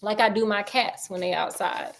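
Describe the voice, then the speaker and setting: A woman's voice: mid-range voice, steady tone, normal speed, vocal fry. Slangy, joking woman storyteller. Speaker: storyteller host. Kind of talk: casual retelling of a classic novel.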